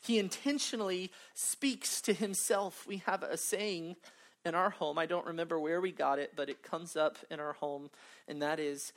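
A woman's voice: fairly low pitch, normal speed. A woman preaching a sermon, earnest and emphatic, with humorous asides.

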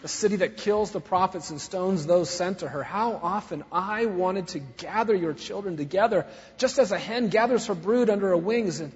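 A man preaching a sermon as a pastor, swinging from soft sorrow to loud fervor. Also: sits high, normal speed, husky. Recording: dull recording in a long-echo hall.

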